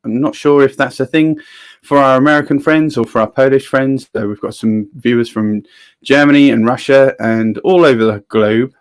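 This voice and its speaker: A man's voice: medium pitch, moderate pace, smooth. A man hosting a livestream in casual chat and reading viewers' comments aloud. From England. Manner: chatty, reads out viewer comments. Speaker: livestream host.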